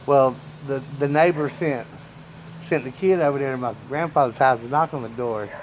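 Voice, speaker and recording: A man's voice: medium pitch, moderate pace, slight background noise, rough recording. A man in a casual storytime vlog, rambling through family memories and chuckling often. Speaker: vlogger telling family stories.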